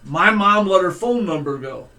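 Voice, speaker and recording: A middle-aged male preacher telling a personal story in a folksy, conversational sermon, with fillers and pauses. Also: sits high, animated, sharp tone.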